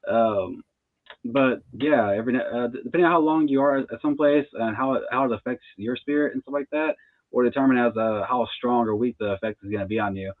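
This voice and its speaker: A man's voice: mid-range voice, a little fast, dry recording. A laid-back man in his thirties chats casually as a guest, often breaking into a short laugh. His voice comes through a tinny, phone-like line with a dry sound. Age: 30s. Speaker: tarot reader guest. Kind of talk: casual interview chat.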